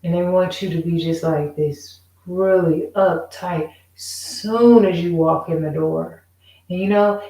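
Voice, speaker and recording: A woman's voice: on the low side, a little mellow, reverberant, far from the mic, low-quality recording. A woman in a casual, rambling monologue, emphatic and repeating herself as she vents. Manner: rambling, emphatic, repeats "you know what I'm saying". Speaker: vlogger.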